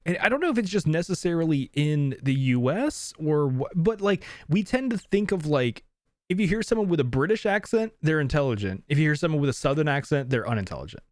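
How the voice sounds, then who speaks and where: A man from the western United States co-hosting a podcast, talking through his thoughts slowly, with lots of restarts. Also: a little high, big pitch swings, darkish tone, no echo, studio quality. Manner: thoughtful, hesitant, many restarts and fillers. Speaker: podcast co-host. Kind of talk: casual movie review chat.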